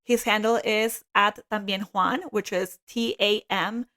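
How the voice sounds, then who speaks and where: A woman in her thirties from Colombia, co-hosting a podcast in casual, animated chat, laughing often and swearing casually. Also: medium pitch, a little slow. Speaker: podcast co-host.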